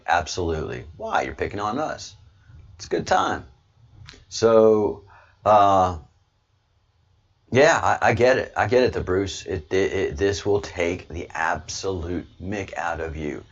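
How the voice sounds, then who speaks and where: A man from the Southern United States, speaking low with a Southern American accent, hosts online commentary in a rambling, casual monologue. He keeps restarting and calls his listeners "brother," and the recording sounds muffled.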